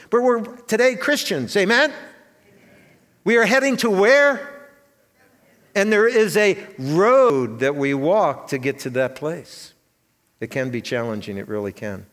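A man's voice: on the high side, big pitch swings, unhurried, fairly bright tone. A man preaching a sermon to his congregation, earnest and full of rhetorical questions. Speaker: pastor. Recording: long hall reverb.

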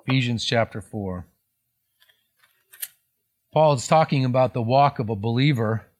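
A man's voice: medium pitch, unhurried. A man preaching a sermon in a conversational tone, explaining scripture with frequent restarts and self-corrections. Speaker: pastor.

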